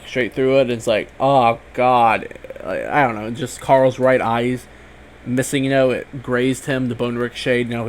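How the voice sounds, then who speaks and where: A man giving a casual, rambling spoken review of a TV episode, excitable and swearing often, full of fillers. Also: medium pitch, a little hiss or hum.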